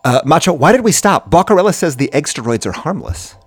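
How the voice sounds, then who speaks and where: A man's voice: fairly high pitch, very animated, a little fast, slightly rough. A man hosting and narrating a kids' podcast, playful and chatty with listeners. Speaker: host and narrator.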